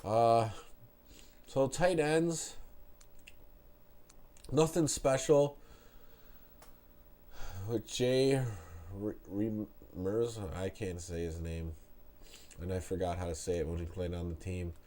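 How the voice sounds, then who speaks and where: A man's voice: on the low side, slow, long pauses, mellow. A man in his thirties with a stuffed-up nose, chatting laid-back on a live stream as he reads out game stats with frequent restarts. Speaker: streamer reviewing a retro game.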